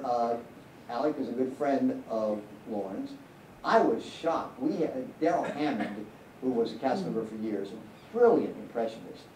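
A man answers audience questions in an echoey cinema hall, his voice mellow and warm. He rambles through candid anecdotes, restarting often, and the mic sits a bit away from him with faint hiss underneath. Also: medium pitch, recorded from a distance. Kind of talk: live Q&A answers.

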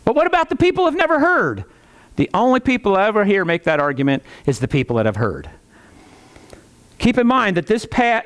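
A man preaching a sermon as pastor, animated, with folksy asides and chuckles. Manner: animated preaching, rising pitch on rhetorical questions.

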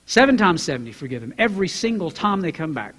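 A man preaching a sermon as a pastor, acting out Bible characters in quoted voices and building to loud, emphatic preaching. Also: sits high, very animated, fast talker, breathy edge, in a large hall. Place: church sanctuary.

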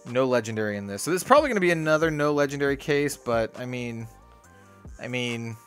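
Young man, card-opening host, rambling casual chat, excitable, faint music behind. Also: mid-range voice, fast, clean tone. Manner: excitable, rambling, lots of "dude" and "like". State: sweaty and worked up. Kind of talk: casual case-opening commentary. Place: small hot room.

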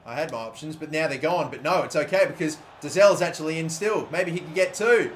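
Brief: young male gaming YouTuber, upbeat live play-by-play, slightly high voice, chatty asides that erupt into shouting. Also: brisk, few pauses, a little hiss or hum. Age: 20s. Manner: excitable, bursts into loud shouting over goals; chatty, muttering asides between plays. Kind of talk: live video game commentary.

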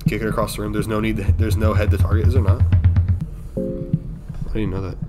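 A man streaming a horror game, chatting casually with his viewers, swinging from mumbled muttering to loud outbursts and swearing often. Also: fairly low pitch, little pitch movement, fairly quick. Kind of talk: casual live gameplay commentary. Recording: loud game music behind the voice.

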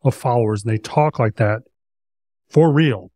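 A man's voice: mid-range voice, normal speed, warm tone, dry recording, clean studio sound. A man hosting a podcast, chatting casually, rambling and swearing as he tells a story. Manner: rambling, profane, with restarts. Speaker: podcast host.

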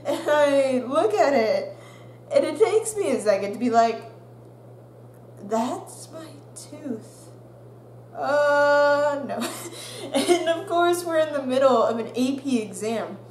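A young adult woman vlogger telling a story, animated and laughing, acting out the quotes. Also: high-pitched, normal speed. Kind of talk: storytime vlog. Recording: roomy echo with faint hum.

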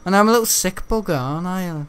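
A man's voice: high voice, fast, fairly bright tone, smooth. A young British man at home in his bedroom, rambling through casual gaming commentary, joking, swearing freely and laughing often. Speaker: gaming video host.

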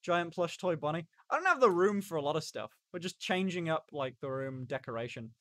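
A man's voice: a little high, lively intonation, brisk, fairly bright tone, no room sound, studio quality. Rambling young man streaming to chat. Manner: rambling, stop-start, reacts to chat. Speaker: livestreamer. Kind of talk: casual live-stream chat.

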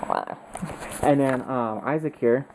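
Low-voiced young woman vlogging with friends. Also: takes it slowly, background noise. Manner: excitable, swears a lot, frequent laughs. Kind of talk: casual vlog chat. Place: indoors with friends.

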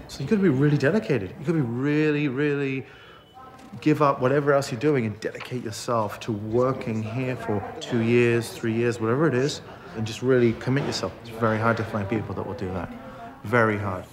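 A man's voice: medium pitch, brisk, a crowd in the background. A man working as a head chef, talking intensely and swearing as he barks orders. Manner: intense, profane, barking orders. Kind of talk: documentary interview and kitchen shouting. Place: restaurant kitchen.

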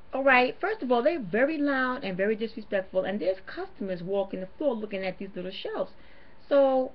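A woman rants to camera, indignant and emphatic, repeating her points for effect. Her voice sits fairly high, and the home-video audio is dull and lo-fi. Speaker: vlogger. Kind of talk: ranting to camera.

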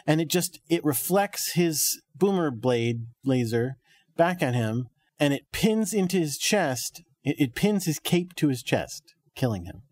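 A man's voice: on the high side, animated, a little slow, a little mellow, no echo, clean studio sound. A man co-hosting a podcast, talking in a sardonic, loose way and laughing often. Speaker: podcast co-host. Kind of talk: casual chat.

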